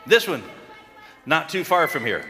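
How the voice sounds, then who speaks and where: A man giving a lively children's sermon, coaxing and calling out to the kids in a church. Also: a little high, a little slow. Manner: animated, coaxing, calls out to the kids. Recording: long reverb in a large hall, faint crowd.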